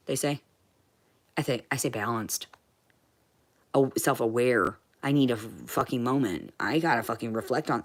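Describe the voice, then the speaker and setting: A woman vlogging in a rambling, profane monologue, swinging from muttering to shouting. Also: very deep voice.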